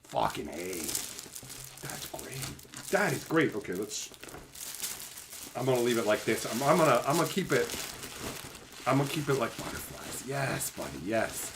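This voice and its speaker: Dude on a live stream, brash and crude, swearing nonstop, voice bouncing up and down a lot. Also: male voice, mid-range voice, expressive, moderate pace, long pauses, background noise. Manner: brash, swears constantly, joking banter. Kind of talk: casual live-stream chat with viewers.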